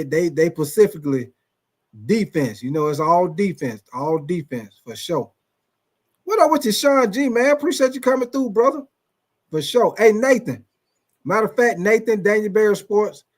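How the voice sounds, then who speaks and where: A man hosts a casual sports live stream, his voice sitting a bit high for a man. He rambles through profane stories and calls out his viewers by name as he goes. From Atlanta, USA. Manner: profane, loose storytelling, addresses viewers by name. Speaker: sports livestream host.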